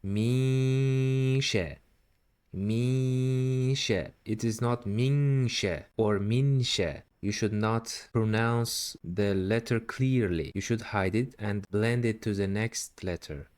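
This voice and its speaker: A man teaching Quran recitation step by step, patiently repeating syllables slowly. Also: on the low side, fairly even intonation. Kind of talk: slow step-by-step recitation lesson.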